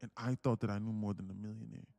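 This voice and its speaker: A man's voice: fairly low pitch, fairly even intonation, fast, mellow, no echo, faint music behind. Passionate man hosting a trading stream. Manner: passionate, emphatic, swears freely. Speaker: day trading livestream host. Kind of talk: live streaming trading talk.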